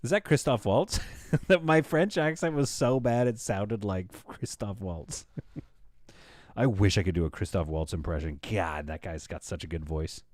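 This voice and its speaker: A man's voice: lowish voice, measured pace, a little mellow, no echo, studio quality. A man in his thirties chatting casually on a live stream, tired from staying up all night, joking and rambling to his viewers. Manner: joking, rambling, talks to chat.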